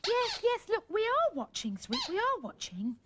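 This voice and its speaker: A woman presenting a children's puppet show, gently coaxing and soothing the puppets as if they were small children. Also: very high-pitched, huge pitch swings, normal speed. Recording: old VHS tape with music and hiss.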